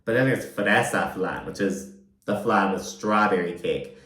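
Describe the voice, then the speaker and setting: Speaking a little slowly in a low but fairly bright voice, a young man rambles through a casual reality-show recap. He's chatty and full of fillers, tossing in campy asides and mock voices, all with a roomy echo.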